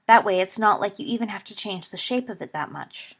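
A woman voicing a gentle, patient teenage boy wizard encouraging a friend in a storybook reading. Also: mid-range voice, lively intonation, fairly quick, husky. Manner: gentle, reassuring.

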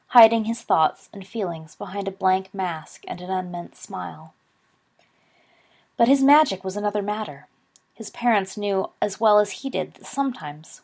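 A woman reads a story aloud in a steady, measured way. Her voice has a gravelly rasp and a husky, breathy texture. It sits at an ordinary pitch. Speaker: reader. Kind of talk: storybook narration.

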